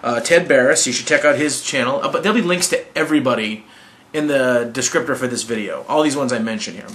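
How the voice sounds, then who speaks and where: A man's voice: mid-range voice, pushed and bright. A man hosting a hot sauce video channel, talking casually to camera in a rambling, enthusiastic way and often correcting himself.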